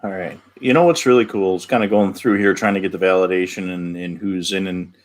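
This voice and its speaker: A man co-hosting a live show, reading viewer questions aloud and chatting with hesitant pauses. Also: low-pitched. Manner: hesitant, lots of fillers. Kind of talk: casual live-stream chat.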